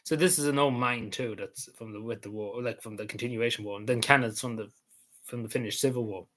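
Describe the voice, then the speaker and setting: A hoarse man with a Cavan Irish accent, rambling casually as he talks through his travel photos, repeating himself and swearing now and then. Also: medium pitch, steady tone, fast talker, fairly bright tone. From Ireland. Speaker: vlogger.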